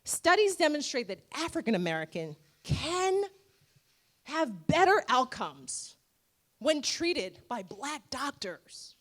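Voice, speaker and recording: A woman in her forties, a dentist giving an emphatic, rhetorical motivational speech with dramatic pauses at a gala. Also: high-pitched, very animated, a bit bright. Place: gala event room.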